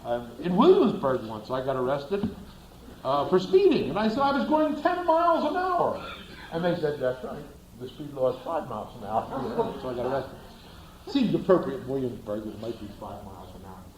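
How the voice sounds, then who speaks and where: A man's voice: medium pitch, huge pitch swings, normal speed, echoey room, rough recording. A man giving a classroom lecture, asking the class rhetorical questions and acting out little scenes.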